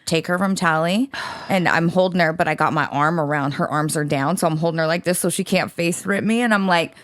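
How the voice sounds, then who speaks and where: Lowish-voiced woman on a podcast, blunt, laughs a lot, dry close mic. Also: a little fast, no room sound. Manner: blunt, laughing, swears freely. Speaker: podcast co-host. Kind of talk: casual chat.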